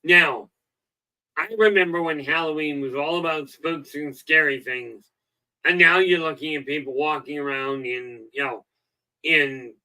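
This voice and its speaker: A man's voice: on the high side, bright, forceful tone, rough recording. A middle-aged man hosting a self-help livestream, rambling in a folksy way with lots of "okay" and "you know," and telling jokes. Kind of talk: casual livestream talk.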